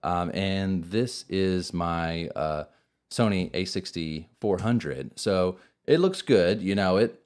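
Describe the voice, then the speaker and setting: A man's voice: low-pitched, animated, slow, a little mellow, clean tone. A man hosting a podcast in a studio, chatting casually and rambling about shows and camera gear. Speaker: podcast host. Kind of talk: casual chat.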